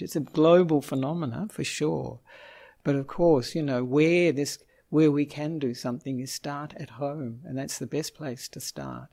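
A man's voice: on the high side, creaky, mellow. A man, a Buddhist monk, giving an informal Dhamma talk, chatting with the audience, asking them questions and chuckling often. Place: Melbourne.

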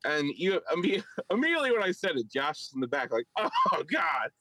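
Animated man with a Philadelphia accent. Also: a little high, fast talker, no room sound, low-quality recording. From Philadelphia area. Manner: animated, mimics others in raised voices. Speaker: podcast co-host, stand-up comic. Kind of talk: casual chat, storytelling.

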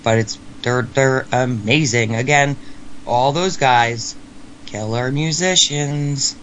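A man co-hosting a podcast, talking casually about music in an animated, joking way, often trailing off mid-sentence. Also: medium pitch, slow, slight background noise. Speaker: podcast co-host.

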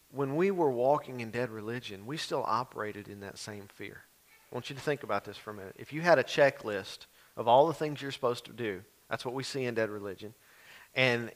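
Man preaching, relaxed and chatty, acts out voices in the story. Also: mid-range voice. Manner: conversational preaching, acts out voices of biblical figures. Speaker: pastor. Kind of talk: sermon.

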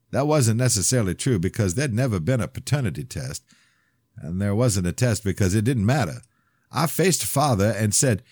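A man reading his own novel aloud in measured first-person narration. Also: on the low side, animated, a little mellow, dry recording, studio quality. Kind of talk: audiobook narration.

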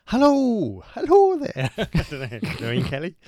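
A man putting on a shrill falsetto voice as Mrs Doubtfire, an elderly female nanny, loud and over the top. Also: huge pitch swings, normal speed, no echo, clean studio sound. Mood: shrill greeting. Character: cheery elderly female nanny, prim and hammy.

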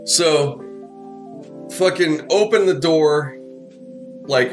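A man's voice: on the high side, slow, pauses often, a bit bright, soft background music. A man in a casual chat, telling a long, profane story with lots of restarts and fillers.

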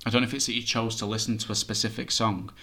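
A man's voice: lowish voice, level tone, quick pace, pushed and bright. A man working as a psychic medium, talking chattily and reassuringly as he relays messages to a sitter. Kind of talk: reading for a sitter.

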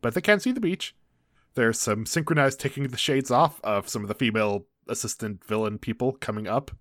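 A man's voice: mid-range voice, fairly quick, a bit bright, dry recording. Wry chill guy recapping a show, mid voice, super dry close mic. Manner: wry, laid-back narrating. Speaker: podcast co-host. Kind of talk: casual recap chat.

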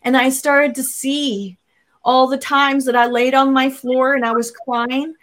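A woman's voice: sits high, level tone, a little slow, a bit bright. An adult woman sharing a personal faith testimony in an interview, earnest and vivid, acting out her own past words as she goes. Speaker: interview guest.

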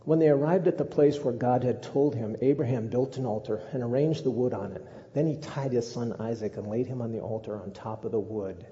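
A man's voice: mid-range voice, steady tone, a little fast, few pauses, dark tone. A male pastor preaching a sermon in a conversational way with humorous asides, heard as a dull recording with a long echo in a church.

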